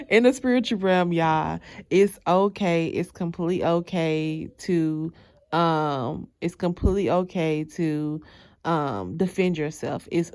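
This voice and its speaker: Animated woman telling a dream story, dry sound. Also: lowish voice, no room sound. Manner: animated, acts out her own lines, laughs often. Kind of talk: casual storytelling.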